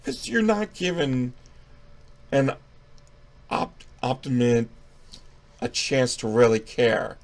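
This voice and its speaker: A man's voice: mid-range voice, sing-song, slow pace, gravelly, pauses often. A young man giving a casual movie review, profane, rambling and mocking.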